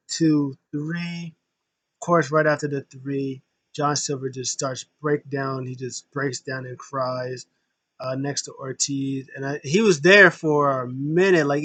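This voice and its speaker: A man's voice: mid-range voice, fairly even intonation, unhurried, a bit bright, no echo. A man giving a casual, rambling recap of a wrestling show, full of fillers and emotional fan talk.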